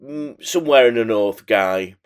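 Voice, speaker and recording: A man chatting as a pundit on a football podcast, animated and rambling, laughing between jokes. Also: mid-range voice, moderate pace, clean tone. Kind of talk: casual chat.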